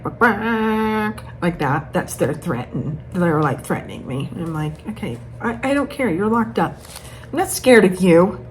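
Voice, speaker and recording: A cross-stitch vlogger chats casually at home, rambling and poking fun at herself as she talks about her stitching projects. Her voice is on the low side, and the low-quality recording carries faint background noise.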